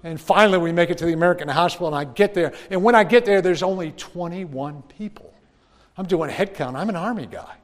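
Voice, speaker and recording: Guy telling a story to a crowd, acts out all the voices, lively, big echoey hall. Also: high-pitched, quick pace. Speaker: speaker telling a personal story. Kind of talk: animated storytelling to an audience. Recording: long hall reverb.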